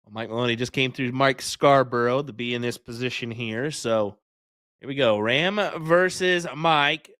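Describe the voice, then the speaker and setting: A man co-commentating a darts match, laid-back and quick to laugh. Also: mid-range voice, a bit bright, no echo, studio quality. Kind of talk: live sports commentary.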